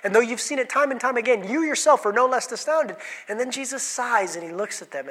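A man's voice: extremely high pitch, brisk, few pauses, pushed and bright. A man preaching an interactive sermon, asking the congregation questions and calling on people by name. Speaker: pastor. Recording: hall reverb.

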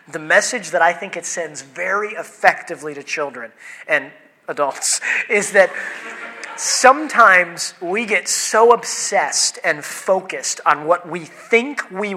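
Bright-sounding guy preaching, joking around w the congregation, pitch a bit up. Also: rough recording. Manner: playful, chatty with the congregation. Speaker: pastor. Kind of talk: sermon. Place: church sanctuary.

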